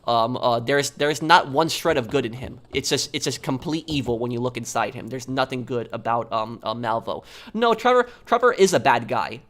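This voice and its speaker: A young man talks through a casual live stream in a plain, middle-pitched voice. He rambles, restarts his sentences and fills every gap with ums and uhs as he answers viewers. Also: lively intonation, normal speed, few pauses, fairly bright tone. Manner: rambling, many ums and uhs, repeats himself.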